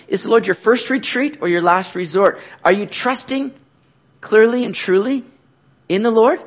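Male pastor, high-pitched, animated preacher who asks rhetorical questions and now and then nearly shouts. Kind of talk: sermon.

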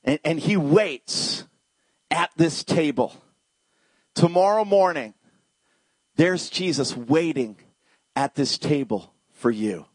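Male pastor, high-ish husky voice, preaches with big emotional swings, addresses the crowd directly. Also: slow, pauses often, no room sound. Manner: animated preaching, swings from shouted highs to hushed lows. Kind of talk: sermon.

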